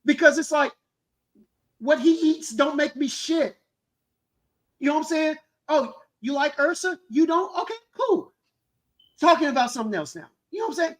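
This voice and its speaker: A man co-hosting a casual chat, caught mid-rant. He swears freely and hammers the same points over and over, loud and emphatic. He sounds like he is talking on a video call from home. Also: extremely high pitch, lively intonation, normal speed, long pauses. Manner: profane, emphatic, repeats himself. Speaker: co-host.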